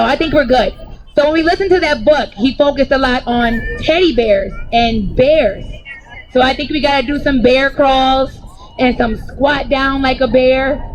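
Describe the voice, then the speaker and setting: A young woman leading an energetic outdoor movement class for children, cheering and coaching them playfully through each move. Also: high voice, poor audio. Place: outdoors on grass.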